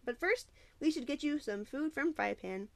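A woman's voice: sits high, lively intonation, unhurried, voice pushed up. A woman voicing an eager, chipper younger boy in a storybook reading. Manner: chipper, earnest.

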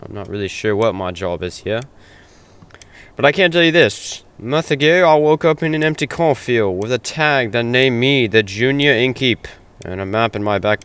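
A man's voice: fairly low pitch, fairly bright tone, clean tone, natural voice. A man playing an earnest, unsure young junior innkeeper in an audio drama, talking in a hesitant, rambling way full of ums and restarts. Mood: nervously upbeat. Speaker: stand-in host. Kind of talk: hobby audio drama monologue.

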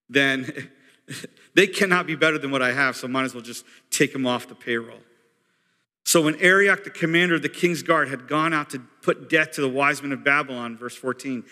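A man preaching a sermon as pastor, in a conversational, animated storytelling way. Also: a little high. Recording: long hall reverb.

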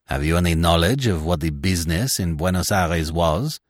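A man's voice: deep voice, lively intonation, normal speed, no room sound, studio quality. A man doing a courteous, precise detective. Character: shrewd, courteous little male detective.

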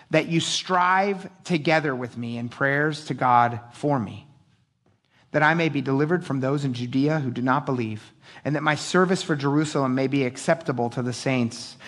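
A middle-aged man preaching a sermon, animated and casual, joking and acting out voices. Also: mid-range voice. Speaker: pastor.

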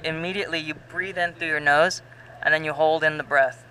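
A man's voice: on the high side, steady tone, brisk, pushed and bright, slight background noise, poor audio. A man chatting casually who asks loose, rambling questions and trails off mid-thought. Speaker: conversation partner. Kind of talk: casual chat.

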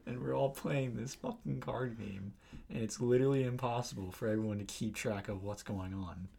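A man's voice: medium pitch, moderate pace, gravelly, warm tone, husky. A teenage boy co-hosting a casual podcast chat, swearing a lot and acting out angry players. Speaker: podcast co-host.

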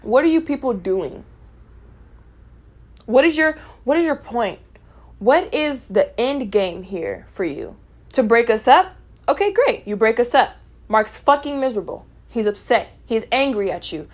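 A young woman vlogger with a fairly high voice rants angrily to the camera about something personal. She's blunt and profane, addressing her viewers as "y'all" with open exasperation, in a sing-song, slightly slow delivery.

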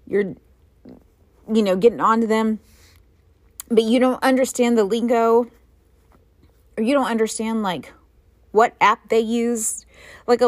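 A middle-aged woman talks casually as a podcast host, rambling and poking fun at herself. Her voice sits at an ordinary middle pitch. The recording is dry and close. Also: no room sound. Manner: rambling, self-mocking storytelling with frequent laughs. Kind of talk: casual chat.

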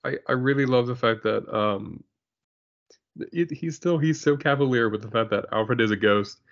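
A man's voice: medium pitch, moderate pace, vocal fry, dull audio. A man co-hosting a podcast, laughing often and joking as he talks about a comic. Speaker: podcast co-host. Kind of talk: casual chat about comics.

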